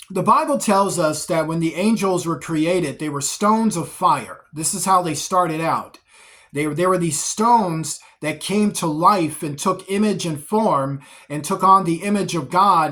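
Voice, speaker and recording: High-voiced man teaching scripture. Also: a bit bright. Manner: repetitive, list-like delivery with frequent restarts. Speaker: Bible teacher. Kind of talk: spoken Bible teaching.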